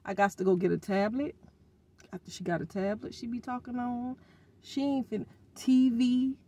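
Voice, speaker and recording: A woman's voice: a little high, normal speed. A middle-aged woman ranting casually in a vlog, venting in exasperation about her children with informal slang. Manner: expressive, uses informal slang. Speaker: vlogger.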